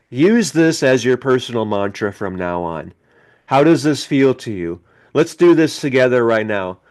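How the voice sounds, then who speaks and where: Middle-aged guy doing a self-help podcast, preachy and emphatic, has everyone chant mantras with him, normal pitch. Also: animated, moderate pace, a little mellow. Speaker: podcast host. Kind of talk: motivational self-help talk.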